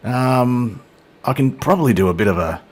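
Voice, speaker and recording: A middle-aged man speaks in an animated, mid-range voice at normal speed while hosting a flight sim video. He flies along chatting casually, self-deprecating, and trading jokes with a silent co-pilot.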